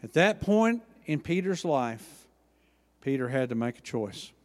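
A man preaching a sermon, acting out Bible dialogue with lively emphasis. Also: medium pitch, a little slow, long reverb tail. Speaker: pastor.

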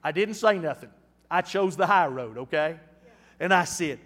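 A man in his fifties preaching a storytelling sermon, folksy and animated, with frequent restarts. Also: fairly high pitch, normal speed, long reverb tail. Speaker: pastor.

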